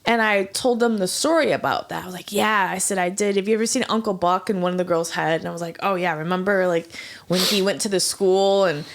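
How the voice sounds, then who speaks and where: Casting: woman co-host, casual chat, lively storyteller who trips over words. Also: mid-range voice, a little fast. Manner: animated storyteller with stumbles and restarts. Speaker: podcast co-host.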